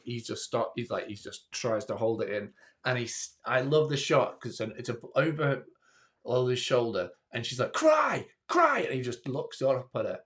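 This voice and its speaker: A man's voice: medium pitch, normal speed. A man guest on a podcast discussing a horror film earnestly, with stumbling restarts and acted-out lines.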